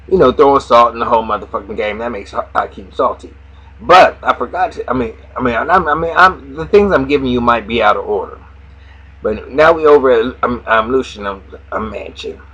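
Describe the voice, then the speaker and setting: A young man giving a casual, profane TV episode recap, animated and laughing as he acts out characters' lines. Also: mid-range voice, slightly rough, lo-fi sound. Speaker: TV recap reviewer.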